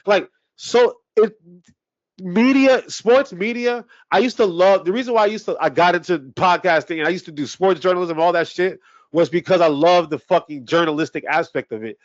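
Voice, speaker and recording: A man's voice: sits high, normal speed, no echo, muffled recording. A man co-hosting a sports podcast, ranting heatedly with heavy swearing in casual talk. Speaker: podcast co-host.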